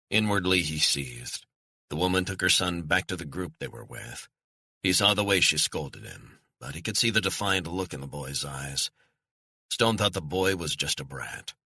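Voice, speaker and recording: Deep dry-voiced guy reading a thriller audiobook, steady measured pace, close mic. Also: no echo. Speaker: audiobook narrator. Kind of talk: scripted thriller narration.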